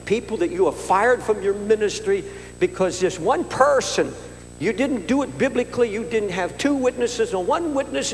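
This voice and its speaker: Earnest older male preacher, gravelly, echoing hall. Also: sits high. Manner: earnest, personal storytelling with repetitions and stammered restarts. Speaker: pastor. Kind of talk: sermon. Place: large conference hall. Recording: echoey hall with faint hum.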